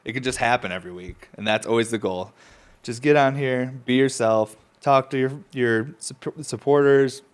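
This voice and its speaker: A man's voice: mid-range voice, normal speed, clear, resonant tone. A young man from upstate New York hosting his own podcast, telling loose rambling stories between coughs and swearing casually, with a runny nose from smoking. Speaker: podcast host.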